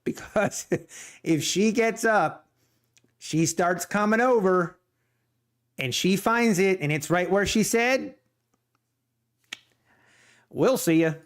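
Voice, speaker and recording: A man's voice: sits high, slow, long pauses, fairly bright tone. A middle-aged man chatting casually on his live trading stream, joking, laughing often and rambling as he answers viewer chat. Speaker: live-streaming day trader.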